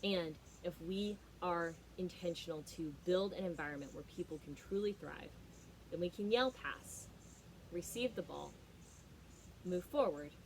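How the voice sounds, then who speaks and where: A woman's voice: fairly low pitch, measured pace, slight background noise, rough recording. A young adult woman, a leadership trainer, giving an emphatic motivational talk with stories and frequent fillers.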